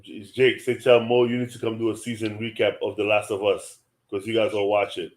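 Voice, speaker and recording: Laid-back low-voiced man on sports talk. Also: flat delivery, a little fast. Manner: laid-back, thinks aloud with ums, lots of mm-hmm. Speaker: podcast co-host.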